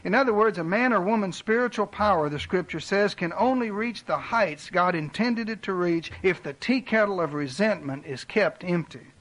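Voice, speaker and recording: A man preaching a sermon, earnest and direct, making personal appeals and dropping his voice low for emphasis. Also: animated, moderate pace, hardly any pauses, fairly bright tone, low-quality recording. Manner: earnest preaching with dramatic drops in volume. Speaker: pastor.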